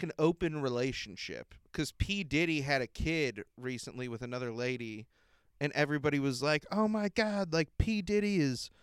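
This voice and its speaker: Slow, rambling young man podcaster. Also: medium pitch, smooth, no echo, clean studio sound. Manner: rambling, laughing, swearing, lots of fillers. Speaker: podcast host. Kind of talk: casual solo podcast chat.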